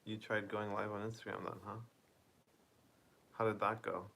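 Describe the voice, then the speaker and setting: A tired man streaming from home on his phone, talking softly and casually as he reads chat aloud and answers viewers. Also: lowish voice, little pitch movement, gravelly, slight background noise. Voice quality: soft-spoken, deliberately quiet. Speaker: livestreamer reading chat.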